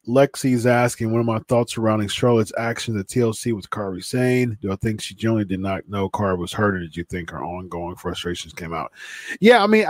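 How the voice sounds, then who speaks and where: A man's voice: mid-range voice, no echo. A man hosting a live wrestling podcast, stuffy from a cold, rambling with lots of fillers and restarts. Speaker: podcast host. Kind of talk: casual wrestling talk.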